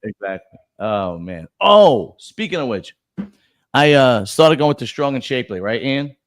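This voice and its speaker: A middle-aged man spins crude, rambling stories into a podcast mic, circling back and restarting his lines as he goes. His voice sits at an ordinary middle pitch, and the sound is dry and close, with no room in it. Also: big pitch swings, unhurried, no echo. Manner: profane storyteller with many restarts. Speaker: podcast host. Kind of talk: casual chat.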